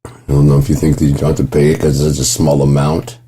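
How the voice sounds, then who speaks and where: A man talking in a gentle, rambling monologue, swearing freely and chuckling often. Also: a bass voice, completely flat delivery, fast, breathy edge. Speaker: vlogger.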